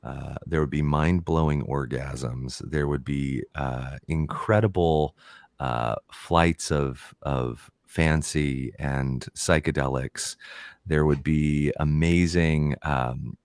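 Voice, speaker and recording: A man with a very low voice talks as a guest on a podcast. He thinks aloud, trails off, and restarts his sentences. The sound is dry and close, with no room echo. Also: fairly even intonation, takes it slowly, darkish tone. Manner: reflective, laughs often, many ums and restarts. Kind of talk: casual podcast interview.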